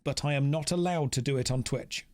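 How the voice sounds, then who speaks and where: A man's voice: mid-range voice, brisk, no room sound. An Englishman with an English accent, casually commentating his game stream in a joking, self-mocking way.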